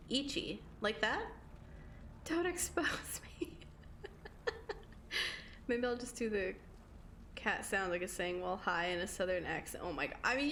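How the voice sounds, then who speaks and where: A young female live streamer with a mid-range, slightly bright voice chats casually with viewers during a game, over slight background noise. She's giggly and swears freely.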